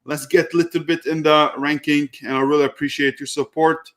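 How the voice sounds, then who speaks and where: Male host, slightly high pitch; casual live-stream storyteller, blunt, lots of fillers. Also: a little fast. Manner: animated storytelling, acts out exchanges, frequent fillers; blunt, occasionally swears. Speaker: host of live Q&A on online selling.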